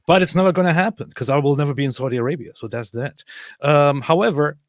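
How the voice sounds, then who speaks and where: A man's voice: fairly high pitch, fast talker, no room sound, studio quality. A man co-hosting a live reaction stream, talking in a sarcastic, mocking way. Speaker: co-host.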